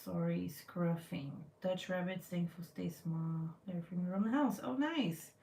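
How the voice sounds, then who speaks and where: A woman's voice: fairly low pitch, steady tone, measured pace, creaky, mellow. A woman vlogger in her thirties chatting casually and bluntly, swearing freely as she tells a story. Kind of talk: casual chat to camera. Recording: roomy, from a distance.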